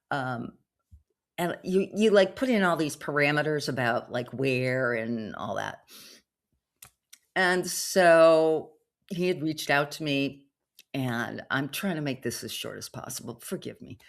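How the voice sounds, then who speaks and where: A middle-aged woman tells a rambling story on her podcast, full of asides and fillers. Her voice sits low but swings widely as she talks. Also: lively intonation, slow pace, pauses often. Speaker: podcast host. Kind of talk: casual storytelling monologue.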